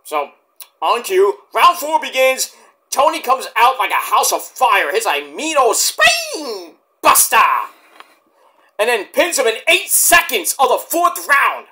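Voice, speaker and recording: A man's voice: extremely high pitch, wildly swooping pitch, takes it slowly, bright, forceful tone. A man reviewing a wrestling show in a rambling, profane casual monologue, tired late at night.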